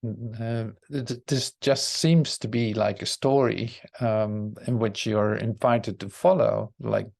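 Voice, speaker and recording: Slow, gravelly-voiced man musing on scripture. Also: lowish voice, fairly even intonation, darkish tone. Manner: musing, searching, unhurried. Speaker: spiritual study group leader. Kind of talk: reflective scripture commentary.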